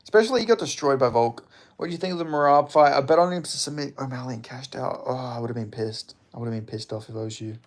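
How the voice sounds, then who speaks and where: On a livestream about MMA, a young man from Western Australia reads chat and rambles at a quick pace in a medium-pitched voice. His casual talk is profane and packed with fillers and frequent chuckles.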